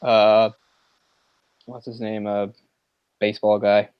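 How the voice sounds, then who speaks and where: A man's voice: on the low side, little pitch movement, slow pace, clean tone, dry recording, lo-fi sound. A man co-hosting a casual movie discussion podcast, rambling, searching for words and laughing often. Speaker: podcast co-host.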